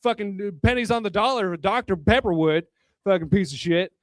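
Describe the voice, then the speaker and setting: Man, stand-up comic, high voice, dry close sound, crude rambling jokes, tipsy, laughs at himself. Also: moderate pace, no echo. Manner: crude, rambling, chuckles at his own jokes. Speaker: stand-up comedian. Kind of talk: stand-up comedy set. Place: bar hosting a live comedy night. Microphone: handheld microphone.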